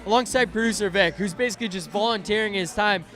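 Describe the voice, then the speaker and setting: A man's voice: high voice, quick pace, fairly bright tone. A man hosting a live hockey post-game show from a bar, talking casually with fillers and restarts. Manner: casual, chatty, filler-heavy. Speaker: host.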